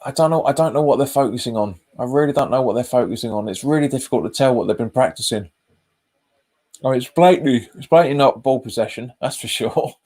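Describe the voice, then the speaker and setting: A man's voice: mid-range voice, quick pace, a little mellow. A man hosts a live football watch-along. He chats casually, repeats his phrases and reads viewer comments aloud. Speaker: fan channel host.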